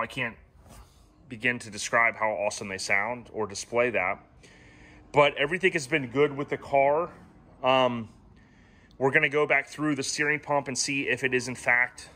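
A man hosting a casual, rambling walkaround of his classic car, giving owners tips. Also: medium pitch. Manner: relaxed and rambling, many ums and restarts.

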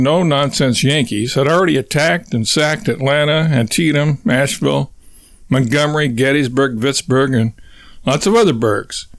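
A man's voice: medium pitch, no echo, close to an everyday voice. Casting: man playing pompous, lecturing husband, florid and fussy. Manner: long-winded, lecturing, florid wording. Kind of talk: audiobook reading.

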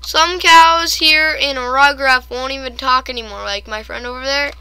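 A young woman chatting casually over her own gameplay, excitable and quick to gasp and squeal at her failures. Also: high voice, smooth, no room sound. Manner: excitable, shrieks and gasps at fails. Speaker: gamer.

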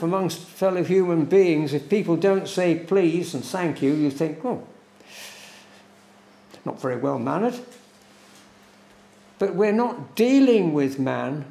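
A man preaching a sermon in a church, slow and deliberate, repeating words for emphasis. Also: high-pitched, dark tone. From England. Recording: echoey church room.

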